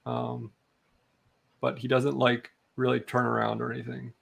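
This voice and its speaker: A man running a tabletop game as game master, in a laid-back, halting way with many ums. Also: medium pitch, completely flat delivery, vocal fry, slightly rough.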